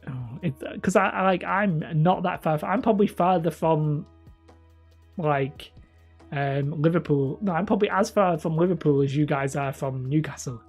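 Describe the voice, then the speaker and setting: A man's voice: fairly high pitch, moderate pace, husky, soft background music. A man from northern England chatting casually with viewers as a hobby channel host, mumbly and a little whiny, rambling and self-mocking. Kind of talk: casual live-stream chat.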